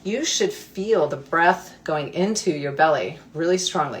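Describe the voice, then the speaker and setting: A woman coach guiding a breathwork practice in a gentle, playful way. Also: lowish voice, animated, moderate pace, few pauses, a little hiss or hum. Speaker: mindfulness coach. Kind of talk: guided breathwork instruction.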